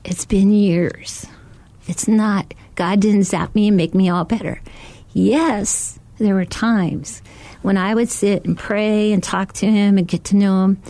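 A woman's voice: medium pitch, fairly even intonation, unhurried, warm tone, no room sound. A woman who co-hosts a ministry show and leads women's groups, giving an earnest devotional talk. She repeats phrases for emphasis and asks many rhetorical questions.

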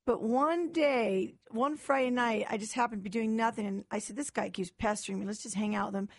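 Animated woman telling her story. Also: fairly high pitch, a little fast, creaky, no room sound. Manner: animated storyteller, acts out quoted dialogue. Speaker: guest. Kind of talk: personal testimony in a talk-show interview.

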